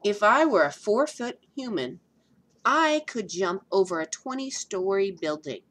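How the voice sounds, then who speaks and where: A woman voicing a young male flea, eager and boastful, in a storybook reading with lively pitch. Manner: eager, quick show-off patter.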